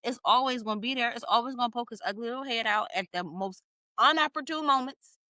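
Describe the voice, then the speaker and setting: A woman in her thirties hosting a podcast, talking in an emphatic, encouraging and animated way in a casual heartfelt conversation. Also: a little high, fast, no echo. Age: 30s. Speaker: podcast host.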